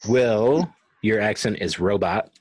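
Man, lively pitch, slow easy talk, dry close sound, game host. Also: no echo. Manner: laughs often, announces rounds. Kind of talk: casual podcast chat.

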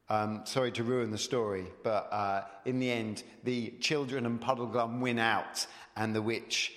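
A man's voice: medium pitch, a bit bright. A man preaching a sermon, conversational and digressive, retelling a story before turning to the Gospels. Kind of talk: sermon with read-aloud story. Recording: long hall reverb.

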